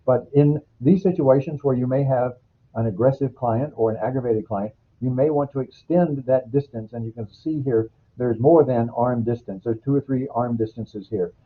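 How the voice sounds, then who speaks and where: Husky-voiced man lecturing over a tinny line. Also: medium pitch, moderate pace. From United States. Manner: explanatory, uses clinical anecdotes. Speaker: healthcare trainer. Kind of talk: recorded training lecture. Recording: phone-like lo-fi recording.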